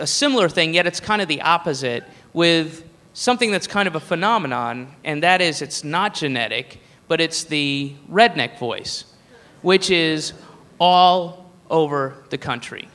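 Profane rambling stand-up comedian. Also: male voice, fairly high pitch, bright, forceful tone. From American South. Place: live comedy venue. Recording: live hall reverb with faint noise.

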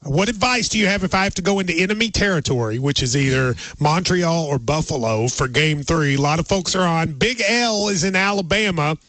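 A man hosting a sports call-in radio show, chatty and quick with jokes and asides. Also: a little high, animated, fairly bright tone, dry recording. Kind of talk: casual radio call-in chat.

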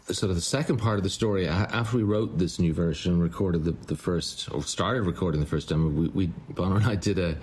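A man, a musician, telling a story in an interview, halting and repeating words as he goes. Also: low voice, darkish tone, a little hiss or hum. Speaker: musician guest.

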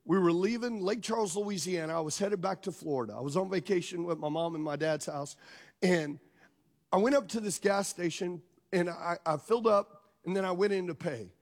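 High-voiced storytelling preacher man. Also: brisk. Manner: animated storytelling, asking the crowd questions. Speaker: pastor. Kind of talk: sermon.

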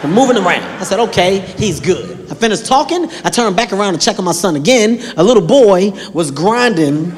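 A man telling stand-up stories on a comedy stage, animated, acting out voices and bursting into shouts. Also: high voice, a little fast, hardly any pauses. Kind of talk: stand-up storytelling. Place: comedy stage before a live audience. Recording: echoey hall with a live crowd and noise.

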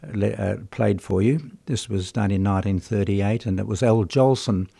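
A man presenting a radio music show in a chatty, unhurried way, with plenty of ums and uhs. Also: fairly low pitch, gravelly, mellow, husky, no room sound.

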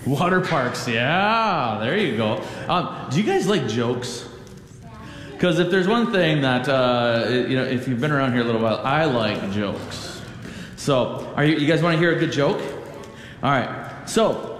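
A man giving a playful children's sermon with a naturally loud voice, asking the kids questions and joking with them. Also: mid-range voice, animated, measured pace, big-room sound. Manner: playful, asks children questions, repeats jokes.

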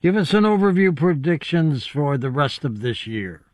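A male radio host speaks in a studio with a lively, rising and falling voice. His sound is dry and close to the mic. He asks brief, direct questions. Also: a little high, moderate pace, dry recording. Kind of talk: interview questions.

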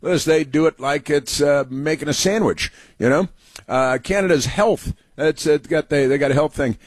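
A man's voice: fairly high pitch, moderate pace, no echo. A man giving a sarcastic political commentary monologue, reading headlines aloud and mocking them, with many fillers and restarts. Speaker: commentary show host.

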